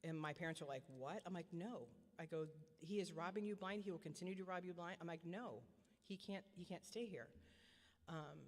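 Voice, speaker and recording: A middle-aged woman giving a personal testimony as a parent, earnest and repetitive, often halting and restarting her sentences. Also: on the low side. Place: church hall. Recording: long church hall reverb.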